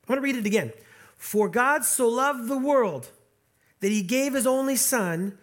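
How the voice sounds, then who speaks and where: Male pastor with a high voice, preaching in an earnest, conversational way that stumbles over restarts. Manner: earnest, repeats and restarts words, slows for scripture. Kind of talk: sermon.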